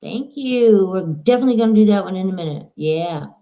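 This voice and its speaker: A woman's voice: medium pitch, lively intonation, a little fast, dull audio. A woman streaming live from home, chatting in a rambling, casual way to her viewers and her dog.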